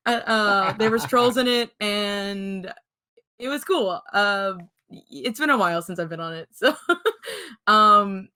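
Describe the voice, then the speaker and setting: A woman's voice: medium pitch, big pitch swings, slow pace, long pauses, sharp tone. A young woman in her twenties, a podcast guest, telling a story in casual chat and laughing often between her words. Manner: giggly, laughs through her stories.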